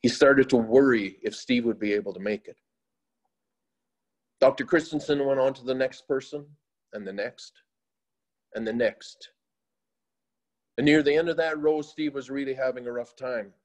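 A man narrating a moral story in a slow, solemn, often quiet way. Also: medium pitch.

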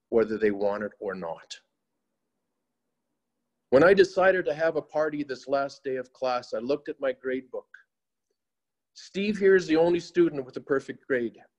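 A man voicing a kindly, grave male professor, speaking slowly and solemnly. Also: medium pitch, natural voice. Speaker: teacher.

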